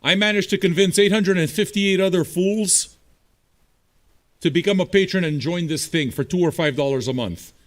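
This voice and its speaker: A man's voice: high-pitched, moderate pace. A man hosting a livestreamed music show, answering viewer chat in a blunt, profane, combative way. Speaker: streaming radio DJ host.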